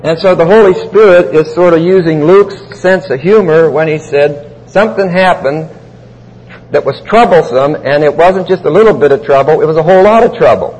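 A man teaching the Bible verse by verse in a deliberate, emphatic way. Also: a little high, a little mellow. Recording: long hall reverb.

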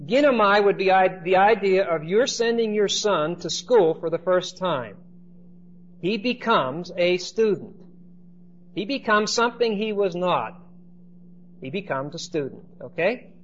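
A man's voice: high voice, expressive, measured pace. A man teaching a Bible class in lecture style, often checking in with his listeners by asking "okay?". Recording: dull lo-fi recording with faint noise.

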